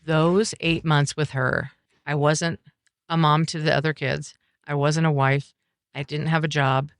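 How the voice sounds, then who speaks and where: A middle-aged woman talking earnestly as a podcast guest, telling a personal story in halting, reflective sentences. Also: low-pitched, flat delivery, no room sound, studio quality. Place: coffeehouse.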